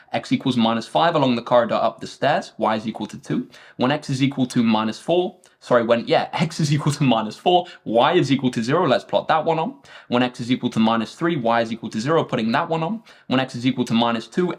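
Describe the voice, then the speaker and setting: A male maths tutor talks through a screen-recorded lesson at a brisk, upbeat clip, checking in with viewers as he works. His voice sits at an ordinary middle pitch for a man. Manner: quick, upbeat, keeps addressing viewers as guys. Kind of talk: fast-paced online maths lesson. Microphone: tablet screen recording voice-over.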